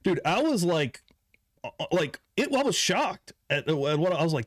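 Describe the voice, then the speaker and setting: A man's voice: on the high side, sing-song, normal speed, dry recording, clean studio sound. A man hosting a casual livestream, chatty and often laughing while he sets up clips. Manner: laughing, chatty, fumbling with the audio setup. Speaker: host.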